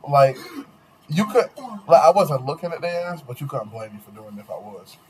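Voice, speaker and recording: A man's voice: fairly high pitch, animated, fairly quick, background noise. A young man hosting a podcast, telling loose, profane stories in casual chat. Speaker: podcast host.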